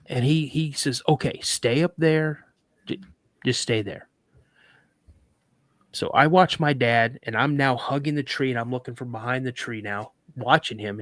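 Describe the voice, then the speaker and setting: Brief: male talk show guest, dramatic storyteller, stammers, mid pitch, dry sound. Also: moderate pace, fairly bright tone, no echo. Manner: vivid, dramatic retelling with stammered restarts.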